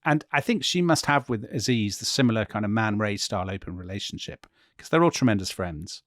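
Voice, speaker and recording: A man co-hosting a history podcast, telling a story in animated, casual conversation and laughing often as he goes. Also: on the low side, a little fast, no room sound, studio quality.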